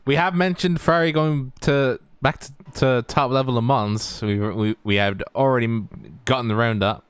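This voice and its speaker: A man's voice: mid-range voice, normal speed, smooth, no echo. An Irish man co-commentating a sim racing livestream with dry, teasing quips.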